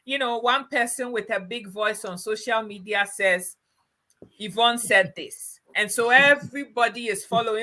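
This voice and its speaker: Bright, emphatic woman host. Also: fairly high pitch, normal speed. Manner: emphatic, affirming. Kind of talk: casual chat.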